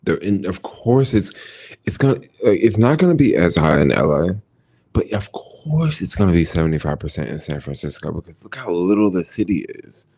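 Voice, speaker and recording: A man from the United States talks in a relaxed, slangy way while reading out and answering viewer comments. His voice sits very low, with a gravelly fry and a dark, mellow tone. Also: brisk. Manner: laid-back and slangy, thinks aloud. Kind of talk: casual livestream chat.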